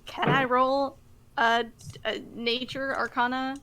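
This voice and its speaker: A woman playing a tabletop game in casual chat, speaking in eager, quick bursts. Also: sits high, little pitch movement, fairly bright tone, slight background noise, low-quality recording. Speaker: player.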